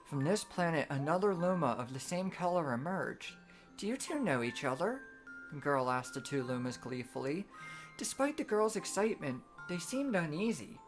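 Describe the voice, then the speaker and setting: A woman streamer reading a storybook aloud in a gentle, measured bedtime manner. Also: low-pitched, animated, soft background music.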